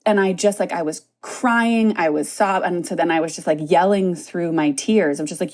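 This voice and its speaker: A woman's voice: fairly low pitch, normal speed, few pauses, a little mellow, no echo, studio quality. A woman journalist hosting a podcast, narrating her own story in a candid, conversational way with casual fillers.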